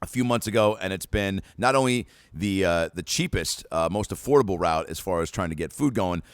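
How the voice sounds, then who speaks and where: A man's voice: deep voice, lively intonation, dry recording, studio quality. Upbeat joking podcast host man. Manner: jokey, upbeat, quick to riff. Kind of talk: casual interview chat and ad read.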